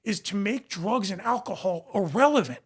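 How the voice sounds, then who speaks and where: A man's voice: sits high, expressive, normal speed, slightly rough. A man speaking as a podcast guest and recovery coach, in passionate conversation, emphatic and repeating phrases for emphasis.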